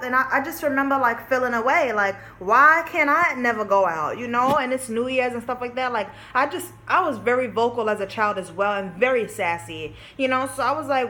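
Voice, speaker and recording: A young woman vlogger tells a casual storytime to camera, candid and chatty, swearing freely and peppering her talk with "like" and "you know." Her voice is fairly high and sharp-toned, animated and fairly quick with few pauses.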